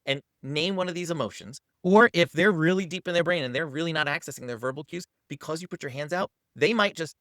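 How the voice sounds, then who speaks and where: A man's voice: a little high, fast, hardly any pauses, a bit bright, dry recording, clean studio sound. A man hosting a parenting channel, teaching to camera in an upbeat coaching manner and acting out what to say to a child.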